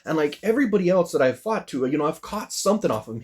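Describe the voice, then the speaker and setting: A man's voice: on the high side, big pitch swings, very fast, darkish tone. A man tells a personal story straight to camera in a loose, casual way. He rambles and restarts, leaning on "you know" and "like", and his voice jumps up as he gets worked up. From United States. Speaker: vlogger.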